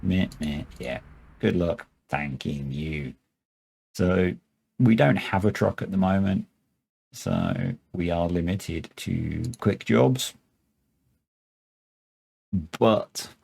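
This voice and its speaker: A man's voice: deep voice, big pitch swings, takes it slowly, creaky, long pauses, a little mellow, slightly rough. A man hosting a gaming video, giving laid-back, rambling let's-play commentary with jokey self-praise.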